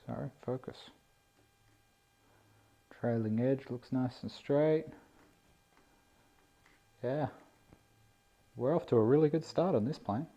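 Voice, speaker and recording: Laid-back man, very dark voice. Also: mid-range voice, slow, long pauses. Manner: laid-back, self-deprecating, chatty. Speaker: RC plane hobbyist vlogger. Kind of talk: casual unboxing commentary. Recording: dull lo-fi camera audio.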